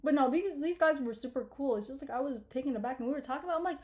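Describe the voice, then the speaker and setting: Fast-talking young woman telling a story. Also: high voice, a little mellow. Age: 20s. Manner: rambling, profane, laughing asides. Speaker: vlogger. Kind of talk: casual storytime chat.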